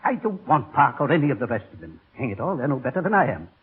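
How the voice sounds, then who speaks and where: Brief: anxious, pleading doctor, animated and raspy, old radio play. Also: male voice, medium pitch, fast talker. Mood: urgent. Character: worried, pleading family doctor. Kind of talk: 1930s radio drama acting. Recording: tinny old radio broadcast.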